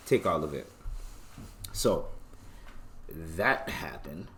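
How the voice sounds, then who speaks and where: Man, podcast host, mid-pitched voice, slangy, jokey, casual chat. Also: a little slow, long pauses, fairly bright tone, a little hiss or hum. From Canada. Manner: joking, slangy, self-mocking.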